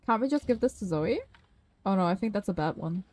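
A woman's voice: mid-range voice, lively intonation, fairly quick, a little mellow, low-quality recording. A woman live-streaming a horror game, chatting with viewers, swearing freely and shrieking at scares.

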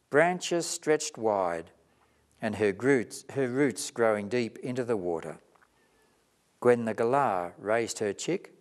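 A man narrates a children's story in a gentle, expressive manner. He takes his time, letting phrases stretch out. His pitch moves freely up and down to carry the tale.

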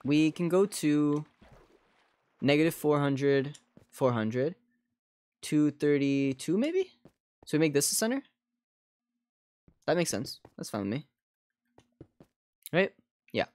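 A man's voice: a little high, big pitch swings, slow, pauses often, darkish tone. A man streaming a game and chatting casually with his viewers. He rambles a lot and fills his talk with "like". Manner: rambling, many "like" fillers, talks to chat. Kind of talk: casual live gaming chat.

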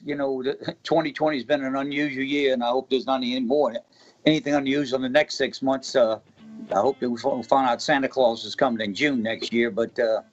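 A man who is a city mayor, speaking as a guest on a radio show, halting with many pauses. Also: medium pitch, muffled recording. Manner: hesitant, halting, many uhs. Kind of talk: casual radio interview.

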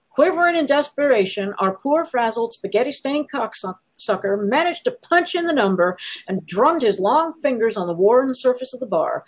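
Wry woman reading a story, higher voice. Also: husky, low-quality recording. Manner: wry, sardonic, expressive. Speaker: author reading her own fiction.

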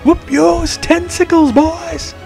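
Man voicing a cheeky teen wizard, high crooning voice, boisterous. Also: fairly quick, faint music behind, lightly acted. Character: cheeky teenage boy wizard, brash prankster.

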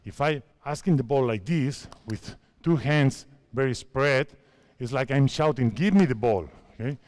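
Man, 50s, Spanish accent, basketball coach, halting English, repeats himself, mid-pitched voice. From Spain. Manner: halting non-native English, repeats phrases, directs players. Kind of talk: on-court coaching clinic.

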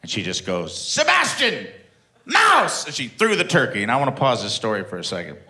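A man in his thirties doing stand-up comedy, telling a story in a plain-spoken, profane and animated way. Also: fairly low pitch, fast talker. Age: 30s.

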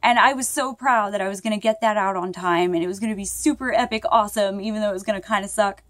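A woman's voice: medium pitch, fast talker, no echo. A young woman talks casually to her viewers while lying in bed. She rambles, sounds upset and keeps apologizing. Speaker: vlogger. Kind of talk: casual vlog talk to viewers.

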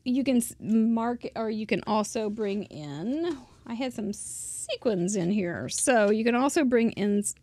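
A woman's voice: on the high side, expressive, a little slow, darkish tone. A middle-aged woman casually teaching card making, chatting and thinking aloud as she works at a close mic. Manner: chatty, rambling, thinks aloud while working. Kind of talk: casual craft tutorial.

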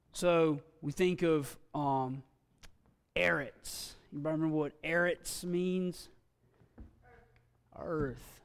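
A man teaching a Bible language class in a church classroom, folksy and halting, with frequent fillers and restarts. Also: a little high, darkish tone. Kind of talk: classroom lecture. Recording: long reverb from a hall.

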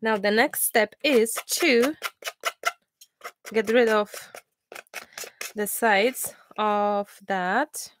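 A woman in her thirties hosting a live crafting class, chatting and telling stories in a lively way with many restarts. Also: medium pitch, extremely slow, pauses often, background noise. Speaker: crafting channel host. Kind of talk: casual chat during a live crafting class.

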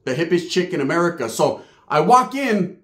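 Brief: high-pitched male comic storyteller, slangy and profane, recorded in an echoey room. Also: sing-song, normal speed, a bit bright. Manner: slangy, profane, punchy asides. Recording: roomy echo.

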